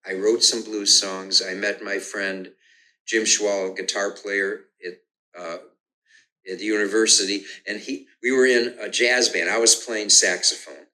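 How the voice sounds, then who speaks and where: An older man talks through his musical start in an easy conversational way, breaking off to hum rhythms and restarting his sentences. His voice sits low yet comes across bright and forceful. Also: fairly even intonation, a little slow, low-quality recording. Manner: hums and sings rhythms aloud to explain, frequent restarts. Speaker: guest musician. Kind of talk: relaxed conversational storytelling.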